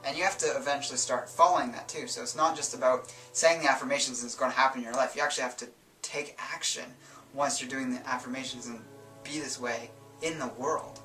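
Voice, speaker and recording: Male self-help host, loose rambling delivery, bright tone, faint music under a roomy recording. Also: mid-range voice, fast, recorded from a distance. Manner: relaxed, rambling explanations with fillers and self-corrections. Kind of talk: casual instructional talk.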